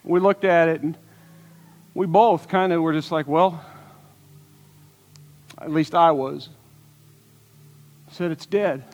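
High-voiced preacher in an echoing hall. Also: male voice, a bit bright. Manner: earnest, storytelling preacher with rhetorical questions. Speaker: pastor. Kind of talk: sermon. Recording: long hall reverb.

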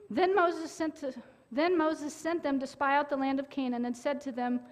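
A woman with a high voice delivers a sermon in a church sanctuary. She tells the story with animated energy, acting out panicked shouts and then dropping to near-whispers. Her voice rings with the long reverb of a large hall. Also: moderate pace. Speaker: preacher.

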